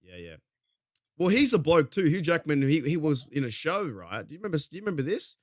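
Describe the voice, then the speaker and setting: A man with an Australian accent co-hosting a podcast, talking casually and trailing off into quieter asides. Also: a little high, very animated, a little fast, no echo, clean studio sound. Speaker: podcast co-host. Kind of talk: casual chat.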